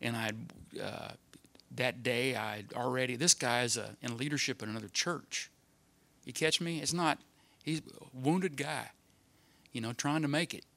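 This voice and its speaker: A middle-aged man shares a personal testimony in front of a church congregation. He speaks earnestly and haltingly, circling back and restarting his sentences at an ordinary pitch. The sound is dry and close, with almost no room echo. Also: creaky, sharp tone. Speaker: church member giving a testimony.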